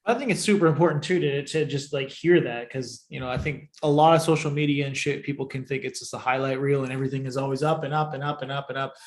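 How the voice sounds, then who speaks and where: A man's voice: medium pitch, steady tone, fast, hardly any pauses. A man co-hosting a livestream, talking earnestly and straight to the listeners. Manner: earnest, talks straight to the audience. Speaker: podcast co-host, agency owner. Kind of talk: casual livestream chat.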